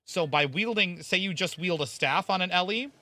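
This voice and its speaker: A man's voice: high-pitched, normal speed, sharp tone. A man streaming a game, rambling casually, explaining the game and thanking viewers by name with the odd curse. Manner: casual swearing. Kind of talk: casual live-stream chat.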